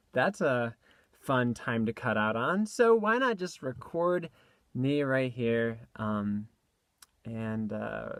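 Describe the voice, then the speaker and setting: A man's voice: medium pitch, dry recording, clean studio sound. A young man chatting casually about his voice recording session, rambling with lots of fillers, recorded on a tablet mic in a small clothes-filled closet. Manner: rambling, self-deprecating, lots of fillers and restarts. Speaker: voice actor vlogging a recording session. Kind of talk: casual behind-the-scenes chat. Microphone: tablet's built-in mic.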